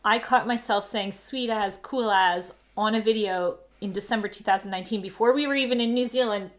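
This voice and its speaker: A woman from Canada hosting a casual family live stream, chatty and quick to laugh, with plenty of "like". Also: mid-range voice. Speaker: host. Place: home during lockdown.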